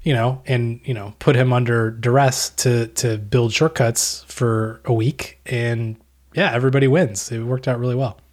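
A man in easy podcast chat, drifting through a story and dropping dry, deadpan jokes. His voice sits at a middle pitch, relaxed and unhurried. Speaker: podcast co-host. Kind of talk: casual chat.

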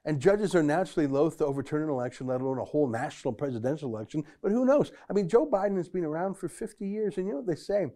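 A man hosting an opinion show, with a warm, darker tone. He is dryly sarcastic and mocking as he sets up each clip. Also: a little high, expressive, very fast, few pauses. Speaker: political commentary host.

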